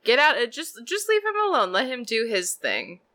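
A confrontational female adventurer played by a woman in a tabletop game. She speaks bluntly and challenges others. Her tone is bright and sharp. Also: on the high side, huge pitch swings, moderate pace, voice pushed up, heavily acted.

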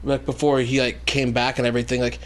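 A man's voice: medium pitch, flat delivery, fast. A man co-hosting a wrestling podcast, talking with many fillers and hesitations. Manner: hesitant, filler-heavy, laughs often. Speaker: podcast co-host. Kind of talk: casual wrestling chat.

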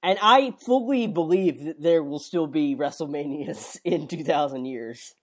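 A man's voice: on the high side, a little slow. A man hosting a casual podcast chat, joking and swearing now and then. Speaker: podcast host.

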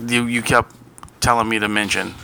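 A man co-hosting a casual podcast, rambling and relaxed, swearing casually. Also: lowish voice, normal speed, gravelly. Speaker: podcast co-host. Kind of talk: casual chat.

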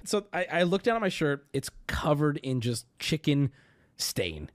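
A man's voice: on the high side, sing-song, a little slow. A man telling a story on his stream as a profane, self-mocking rant, getting heated as it goes.

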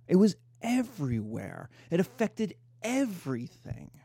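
A middle-aged man giving a lively, emphatic history lecture. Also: sits high, measured pace, gravelly, husky, no room sound. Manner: animated, emphatic, mimics voices in quotes.

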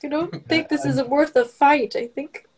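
High-voiced woman player. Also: a little slow, a little mellow. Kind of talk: casual tabletop play.

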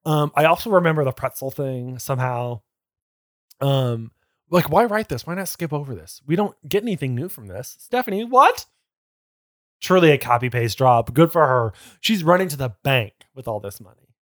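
Sardonic guy co-hosting a podcast, reading aloud and snarking, lively pitch. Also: dry recording, clean studio sound. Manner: sardonic, quick to laugh. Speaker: podcast co-host. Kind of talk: comedic book reading and banter.

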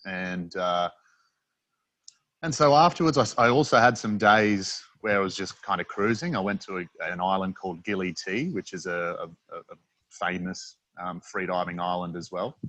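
A man's voice: low-pitched, moderate pace, fairly bright tone, no room sound. A man with an Australian accent, a freediving instructor, chatting casually as an interview guest and rambling through his stories with many fillers and restarts.

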